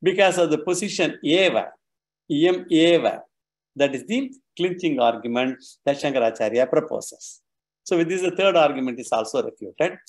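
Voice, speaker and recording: A man's voice: a little high, expressive, moderate pace. A man giving a scripture lecture, explaining step by step with patient, repetitive phrasing and frequent restarts. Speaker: scripture teacher.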